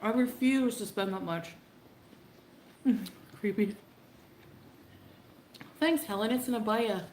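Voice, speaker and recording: A woman's voice: medium pitch, slow, pauses often, darkish tone. A woman chatting casually on a livestream, laughing and greeting viewers by name. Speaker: livestreamer in a played clip. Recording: echoey room with faint background noise.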